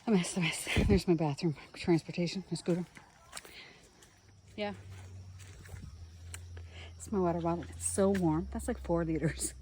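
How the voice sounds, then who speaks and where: A woman's voice: lowish voice, moderate pace, long pauses, dark tone. A woman talking casually to the camera as she sets up a solo campsite, rambling and chatty. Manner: chatty, rambling, talks to the viewer while working. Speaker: solo camping vlogger. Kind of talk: casual camping vlog. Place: outdoor campground. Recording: outdoor campsite noise. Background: outdoor ambience, passing trains and planes.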